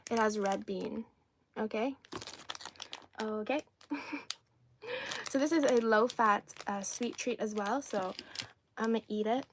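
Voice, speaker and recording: A rambling, talkative woman hosts a live stream, her voice sitting a little high as she drifts from topic to topic while answering her viewers. Cantonese is her first language, and she keeps the tone loose and conversational. Faint background noise and the crinkle of wrappers run underneath. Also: takes it slowly, pauses often. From China. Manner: chatty and rambling, answering chat comments. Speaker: livestream host. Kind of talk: casual livestream chat, taste-testing snacks.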